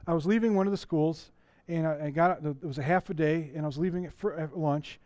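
Conversational pastor preaching, dry sound. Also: male voice, a little high, brisk, darkish tone, no echo. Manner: conversational, asks the congregation questions, frequent restarts. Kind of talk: sermon. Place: church.

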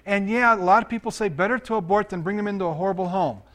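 A man's voice: sits high, quick pace. A man preaching a sermon as pastor and counselor, reading scripture aloud, commenting on it and asking his listeners questions. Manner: animated, asks the audience questions.

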